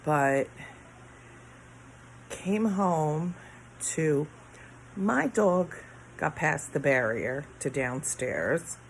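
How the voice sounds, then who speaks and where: Slow, tired middle-aged woman. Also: sits low, expressive, slight background noise, rough recording. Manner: rambling, trailing off, sighing. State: tired, yawning. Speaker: vlogger. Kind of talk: casual late-night chat to camera. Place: her bedroom at home.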